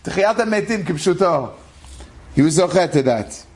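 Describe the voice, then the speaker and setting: Animated high-voiced religious storyteller. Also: male voice, normal speed. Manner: animated, dramatic storytelling with a moral. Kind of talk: inspirational story sermon.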